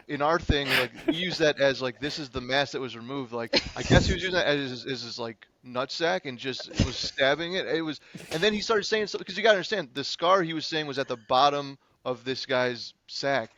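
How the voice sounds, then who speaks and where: A man, a public defender, telling a courtroom story on a podcast in an animated, profane, casual way. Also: medium pitch, a little hiss or hum. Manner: animated, profane, fast-moving anecdote. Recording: slightly dull lo-fi sound.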